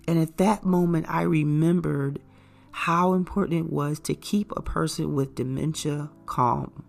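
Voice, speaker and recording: A woman giving an earnest, measured talk that gently explains things to caregivers. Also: low-pitched, fairly even intonation, creaky, soft background music. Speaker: caregiver educator. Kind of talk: informative talk to camera.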